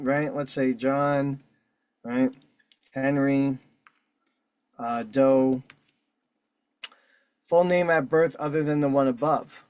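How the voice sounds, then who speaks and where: A man's voice: a little high, a little mellow, no echo. A man hosting an online meeting, walking through a form in a casual, profane, combative way. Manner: profane, combative, talks while filling out a form. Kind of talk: casual instructional walkthrough. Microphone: video call.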